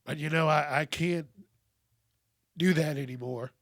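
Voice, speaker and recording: A man hosting a podcast, speaking in a candid, reflective monologue that is full of cursing, with frequent pauses and soft trailing-off. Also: a little high, fairly even intonation, dry recording, studio quality. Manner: candid, profane, pauses often and trails off softly. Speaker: podcast host.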